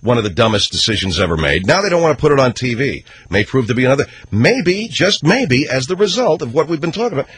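A man hosting a talk radio show, giving opinionated commentary in a ranting, sarcastic way. He swings between loud outbursts and low mutters. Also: sing-song, fast talker, hardly any pauses.

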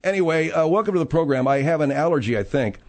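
A man hosting a comic talk radio show from a studio microphone, slightly hoarse from a sore throat, blustery and mock-indignant as he rambles. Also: on the high side, lively intonation, quick pace, a little mellow.

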